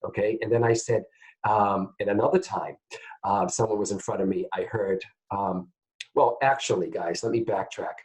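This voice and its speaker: A man teaching psychic mediumship to camera in a casual, animated way, often checking in with his viewers. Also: on the low side, normal speed, poor audio. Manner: animated, keeps checking in with "guys, okay?".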